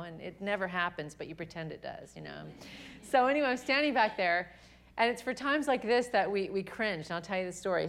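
A woman, a Christian singer-songwriter, speaking to women in a chatty, animated testimony talk full of fillers and self-deprecating humor. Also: mid-range voice.

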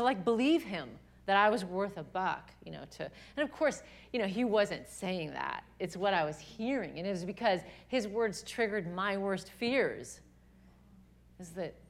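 A woman, a Christian singer-songwriter, speaking to women in a chatty, animated testimony talk full of fillers and self-deprecating humor. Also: medium pitch.

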